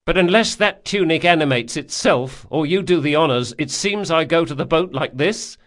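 A man's voice: a little high, lively intonation, normal speed, fairly bright tone, voice pushed up. A man voicing a sarcastic wounded young thief. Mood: sarcastic, irritable. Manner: sarcastic, petulant, pleading.

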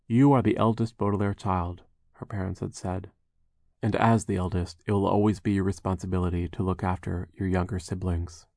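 A man with a very low voice narrates a children's novel in a measured, storytelling way, with occasional wry asides. His reading is steady and deliberate. The recording is dry and close, with no room sound. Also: no room sound. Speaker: audiobook narrator. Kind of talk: scripted narration.

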